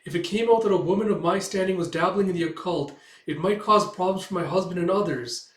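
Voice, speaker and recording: A fretful, gushing middle-aged society lady who frets and swoons over every word, put on by a man reading a comic aloud. The voice is pushed well above his usual pitch. It rings in an echoey room. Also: fast, natural voice. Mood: anxious. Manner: gushing, anxious, theatrical.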